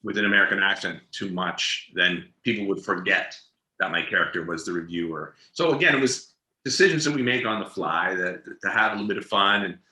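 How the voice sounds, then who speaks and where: Bright-voiced actor in a roomy room. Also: male voice, sits low, a little fast. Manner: animated storyteller, laughs often, repeats words. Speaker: actor, interview guest. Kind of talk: casual interview chat. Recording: roomy echoey room sound.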